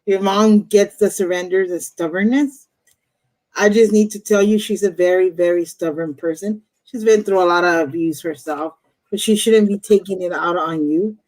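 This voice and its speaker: A woman's voice: fairly low pitch, fairly even intonation, normal speed, a little mellow, poor audio. A woman reading tarot on a live stream, talking bluntly and swearing freely. She leans straight into the listener and gets fired up when something strikes a nerve. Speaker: host, tarot reader.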